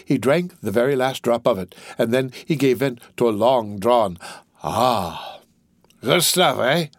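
A man reading a novel aloud as narrator, with expressive, lively storytelling. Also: medium pitch, normal speed, no room sound. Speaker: audiobook narrator.

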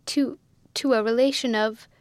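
A timid spinster companion, put on by a woman reading aloud, fluttery and prim. She is pitched very high, nervous and proper. The sound is dry and close. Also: fairly even intonation, moderate pace, dry recording, close to an everyday voice.

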